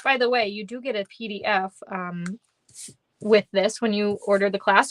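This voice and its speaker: A woman's voice: medium pitch, normal speed, a bit bright, no room sound. A woman with a Minnesotan accent hosting a live card-making class, chatty and upbeat, often laughing and greeting viewers by name. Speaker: stamping class host.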